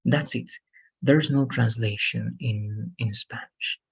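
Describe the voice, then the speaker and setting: Husky male English teacher, patient, repetitive explainer, mid-pitched. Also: slow pace, low-quality recording. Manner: patient, repetitive explaining with frequent "all right" and "okay". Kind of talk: one-on-one online lesson.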